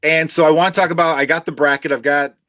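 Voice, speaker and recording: A man's voice: on the high side, steady tone, fast talker, bright, forceful tone, no echo. Chicago-accented male podcast host, thirties, loose and rambling, dry close mic. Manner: rambling, swears casually, restarts a lot. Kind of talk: casual comedy podcast chat.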